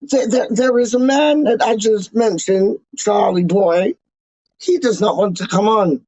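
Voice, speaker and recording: Guy doing a snooty toff, high voice, slow and pompous, dull dry lo-fi audio. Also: a little mellow, dry recording. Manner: slow, pompous, rhyming nonsense. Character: self-styled snobbish posh Englishman, rambling and boastful. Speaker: livestream host. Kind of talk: comic in-character livestream ramble.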